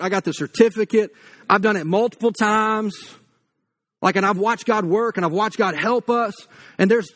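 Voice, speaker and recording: A man preaching a blunt, conversational sermon with humor, likely in his thirties, acting out quoted voices along the way. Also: high-pitched. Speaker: pastor.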